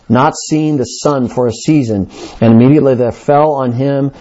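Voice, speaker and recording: Reading a passage of scripture aloud, this man then unpacks it in an expository sermon, stressing key words and repeating them emphatically as a pastor. The recording sounds lo-fi, and his mellow, medium-pitched voice keeps a normal speed.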